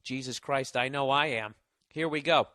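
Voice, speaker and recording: This podcast host has a medium-pitched, bright, forceful voice and keeps a moderate pace. Recorded clean and dry in a studio, he delivers a mocking, profane, sarcastic comedy monologue.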